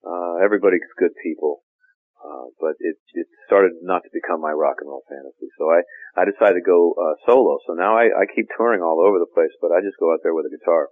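Laid-back actor guest, man, very low voice, tinny dry recording. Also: fast, dry recording. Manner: relaxed, laughs often, says "man". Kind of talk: casual interview chat. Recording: tinny phone-like line.

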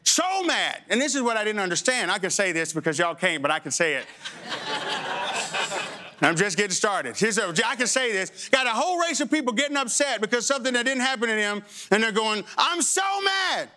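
A middle-aged male pastor preaching to a congregation, his voice pitched high and bright with a forceful edge. He pushes lines upward with fervor, then sinks into low, slowed phrases, swinging through a wide pitch range. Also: animated. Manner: impassioned preaching, swings between raised high emphatic lines and low slow drops. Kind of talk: sermon. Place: church sanctuary before a congregation.

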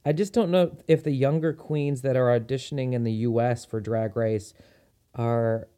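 A man's voice: medium pitch, fairly even intonation, normal speed, dark tone, clear, resonant tone. A man hosting a podcast, talking in a chatty, enthusiastic way with frequent ums. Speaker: podcast host. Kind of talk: casual solo podcast chat.

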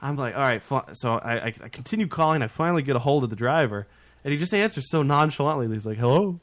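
A man's voice: medium pitch, quick pace. A man telling a story in casual chat with friends, swearing often and acting out what each person said. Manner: animated, swears, acts out quotes.

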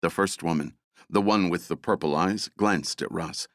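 A man narrating an action novel as an audiobook, dramatic and expressive. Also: deep voice, normal speed, dry recording, studio quality. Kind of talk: scripted narration.

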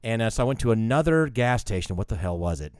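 A man's voice: lowish voice, animated, fast, darkish tone, clear, resonant tone, no echo, clean studio sound. Rambling, swearing man in casual chat. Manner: rambling storyteller, swears, acts out quoted voices. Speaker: podcast co-host.

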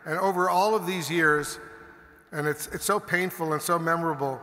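A man hosting a commemorative event, speaking earnestly and a little haltingly before introducing a guest. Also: a little high, steady tone, bright, forceful tone. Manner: earnest, halting, repeats words. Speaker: event host. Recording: reverberant hall from a stage mic.

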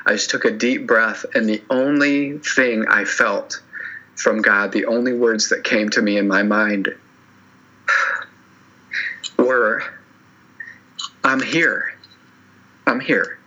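A man sharing his story as a podcast guest, earnest and halting with many restarts, and teary. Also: lowish voice, fairly even intonation, pushed and bright, dull audio. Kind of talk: emotional personal interview.

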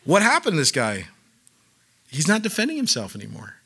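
A man's voice: a little high, wildly swooping pitch, brisk, bright, forceful tone, slightly rough. A man preaching a casual sermon, talking conversationally with lots of "like" fillers and acting out quotes as he goes.

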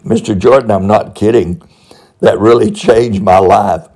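A man's voice: fairly low pitch, steady tone, a little slow, mellow, poor audio. A man voicing an earnest grateful young man.

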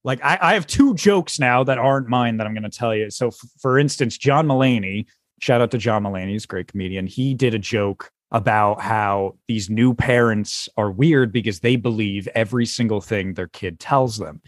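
A man co-hosting a podcast in casual chat, retelling comedy bits with animated put-on voices. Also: lowish voice, moderate pace, no echo, clean studio sound. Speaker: podcast co-host.

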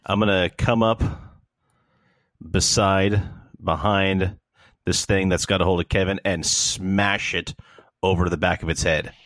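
A man playing a tabletop game, joking and animated as he describes his moves. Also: deep voice, unhurried, no echo, clean studio sound. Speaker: player.

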